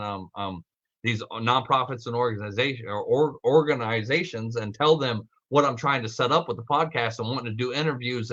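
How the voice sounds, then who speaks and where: A man talks straight through a live podcast stream, swearing in nearly every sentence as his thoughts tumble out in excited rambles. His voice is bright and tense, and the recording sounds dull and lo-fi. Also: mid-range voice. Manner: rambling, heavily profane, excitable. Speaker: podcast host.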